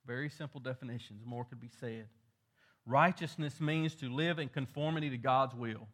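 A man's voice: medium pitch, normal speed, fairly bright tone. A male pastor, preaching a sermon, building in emphasis on key points.

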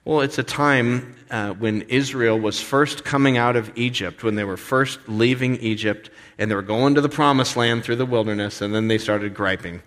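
A man preaching a sermon as pastor, animated and expressive, sometimes acting out the voices of complaining people. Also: mid-range voice, moderate pace, few pauses. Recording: long reverb of a hall.

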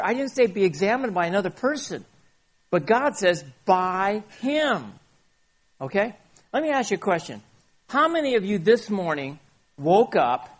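Male pastor, sermon delivery, husky edge, dramatic shifts between loud points and soft asides. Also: high-pitched. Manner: animated, swings from loud emphasis to quiet asides.

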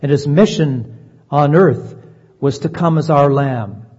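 Guy preaching a sermon, earnest and slow on the big words, long echo hanging in a big hall. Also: on the high side, darkish tone, breathy edge. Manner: earnest, slows down to stress key phrases. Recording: dull lo-fi sound, long reverb.

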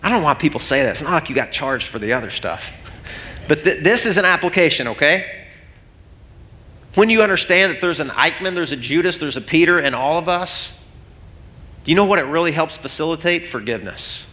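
A man's voice: a little high, expressive, brisk, bright, forceful tone. A man preaching a sermon as pastor, telling a story earnestly and with rising emotion. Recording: long hall reverb.

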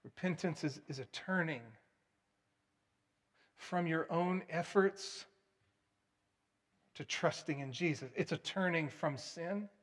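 A man delivers a sermon with earnest emphasis. His voice sits a little high for a man. He pushes key words out loudly, then drops to a quiet, hushed appeal. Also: slow, long pauses. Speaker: preacher.

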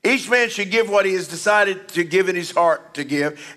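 Bright, high-voiced pastor preaching. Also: male voice, moderate pace. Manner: emphatic preaching with sudden drops to a low confiding voice. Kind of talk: sermon.

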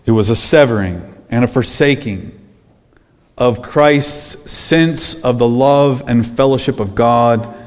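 Male pastor, mid-range voice, emphatic sermon delivery with hushed lows and loud peaks; long hall reverb. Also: slow pace. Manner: emphatic, swings from hushed low phrases to loud raised ones.

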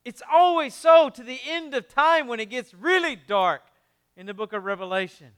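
The pastor speaks animatedly and smoothly as he preaches, keeping it conversational with rapid asides. His delivery moves back and forth between low, quiet sections and strong emphasis.

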